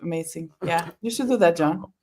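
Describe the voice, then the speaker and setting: A woman with a Spanish-speaking accent hosting a casual livestream, reading chat comments aloud and talking warmly with guests. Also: fairly low pitch, a little fast. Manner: reads chat comments aloud, self-conscious about pronunciation. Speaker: host.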